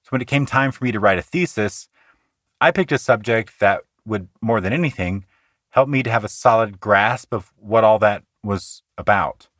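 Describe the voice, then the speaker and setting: A man hosting a poetry podcast, explaining meter in an earnest, conversational teaching manner that shifts between quick asides and slow, deliberate reading. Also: lowish voice, fairly bright tone, no room sound, clean studio sound. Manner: earnest, explanatory, slows down to recite lines rhythmically.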